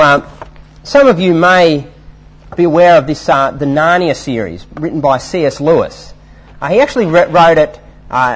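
Guy preaching a sermon, husky, pitch all over the place, kinda high. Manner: animated, emphatic preaching with fillers.

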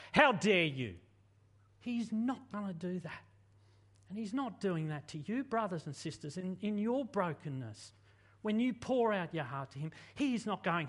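With a high-pitched voice, this pastor delivers his sermon animatedly and conversationally, filling it with rhetorical questions.

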